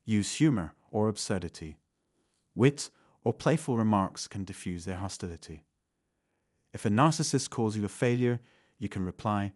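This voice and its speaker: Low-voiced man, calm scripted narration. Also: no echo, clean studio sound. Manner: calm, measured, instructive. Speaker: channel narrator. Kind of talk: scripted self-help narration.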